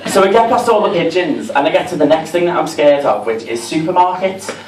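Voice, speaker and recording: A man's voice: fairly high pitch, lively intonation, brisk. A man with a Liverpool accent doing a camp, chatty, self-mocking stand-up set in a comedy club. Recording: roomy, distant, with crowd noise.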